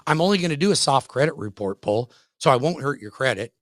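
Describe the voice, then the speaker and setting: A middle-aged man hosting a radio show, giving a pushy, folksy, emphatic sales pitch that repeats points for emphasis. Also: animated, fast talker, a bit bright, dry recording, studio quality. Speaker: radio show host and mortgage lender. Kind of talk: hard-sell radio pitch.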